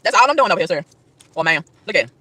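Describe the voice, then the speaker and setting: A woman vlogger in a park delivers an emphatic, preachy rant to camera with a lowish, husky voice that is pushed and bright, racing with big pitch swings and no echo. She fires off rhetorical questions and trips over repeated words.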